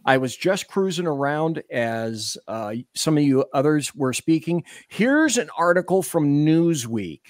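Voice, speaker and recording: Guy on a panel reading an article out loud, lively voice, no room echo. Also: fairly high pitch, unhurried, hardly any pauses, clean studio sound. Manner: casual, lively reading aloud. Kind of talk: political panel chat, reading news aloud.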